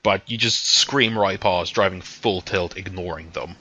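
A man's voice: deep voice, unhurried, pushed and bright. A man narrating a tabletop role-playing game as game master, describing scenes with hesitant fillers.

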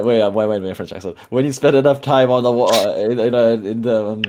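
A man's voice: on the low side, fairly quick, warm tone, slight background noise. A man playing a tabletop game, talking hesitantly with lots of fillers and laughter. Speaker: player. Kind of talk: casual tabletop role-play.

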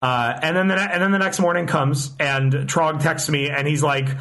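Young guy rambling thru a story, lots of restarts and swearing, bright voice, a bit high. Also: fairly even intonation, normal speed. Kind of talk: casual storytelling chat.

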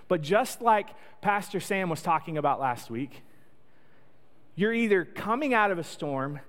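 A man preaching a sermon in a conversational, joking storytelling way. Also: sits high. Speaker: pastor. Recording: long echo of a large hall.

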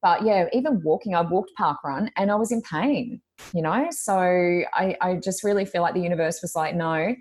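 A woman's voice: lowish voice, normal speed, a little mellow. A woman, co-hosting a podcast in casual chat, telling stories and acting out the voices of people she quotes. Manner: chatty storytelling, acts out quoted voices. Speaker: podcast co-host.

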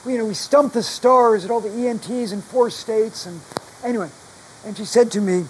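He talks a little fast in a high-pitched voice that long covid has damaged, a guest author telling casual stories in a live conversation with chatty self-deprecation. There's slight background noise, and the recording is low quality.

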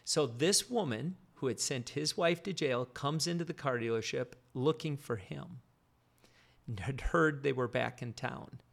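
Man with a gravelly voice telling a faith story, earnest, steady. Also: medium pitch, measured pace.

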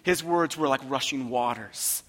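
A man preaching a sermon as pastor, impassioned, swinging from hushed tones to loud emphatic repetition. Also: mid-range voice, a little slow. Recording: long reverb of a large hall.

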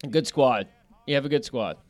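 A man's voice: mid-range voice, a little fast, dry recording. A man co-hosting a fishing podcast in casual chat, joking, rowdy and swearing freely. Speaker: podcast co-host.

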